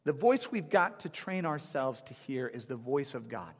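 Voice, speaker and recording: A man's voice: medium pitch, big pitch swings, normal speed. A middle-aged man preaching a sermon to a congregation, telling stories and acting out the voices of the people in them. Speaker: pastor. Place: church sanctuary. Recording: long hall reverb.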